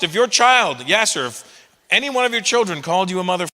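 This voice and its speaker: A middle-aged man performing stand-up on stage, with a bright, lively voice that jumps around in pitch and now and then bursts into loud shouted impressions. His voice rings out with the long reverb of a large hall. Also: brisk. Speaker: stand-up comedian. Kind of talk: stand-up comedy set. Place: live comedy venue with an audience.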